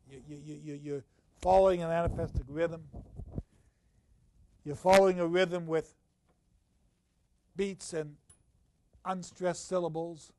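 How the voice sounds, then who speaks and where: With fairly even intonation and no room sound, an older professor gives a university lecture on literature. His volume rises for stressed points and drops for quiet asides, and he reads passages slowly with a deliberate beat.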